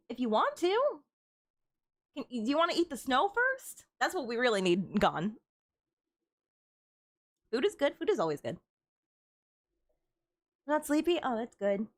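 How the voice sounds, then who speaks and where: A young woman streaming a game, chatting casually with frequent giggles and stammered restarts. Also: on the high side. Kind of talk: casual chat while gaming.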